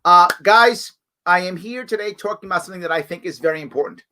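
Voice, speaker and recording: A middle-aged man hosts a live online show. His voice is bright and sits high. He talks conversationally, with emphatic asides and frequent "right?"s. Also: fast talker. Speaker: show host.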